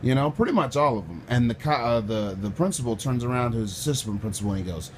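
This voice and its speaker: A loud man telling a personal story with lots of swearing, acting out the people in it and swinging from quiet to shouting. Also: mid-range voice, expressive, fast talker, hardly any pauses, a little hiss or hum. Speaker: storyteller recounting a personal run-in.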